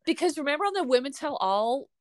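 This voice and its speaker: A woman hosting a casual podcast chat, animated and laughing, acting out quotes as she talks. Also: sits high, fast, no room sound, studio quality. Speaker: podcast host.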